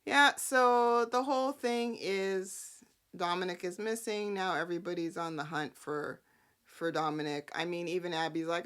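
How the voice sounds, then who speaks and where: A woman hosting a casual soap-opera recap, sassy and animated, often breaking into character quotes. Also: fairly low pitch, normal speed, clear, resonant tone. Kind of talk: casual chat.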